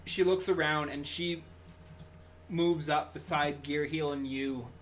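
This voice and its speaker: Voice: mid-range voice, steady tone, slow pace. Hesitant game master, faint hiss. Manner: loose, hesitant narration with many fillers. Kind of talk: narrating a tabletop game.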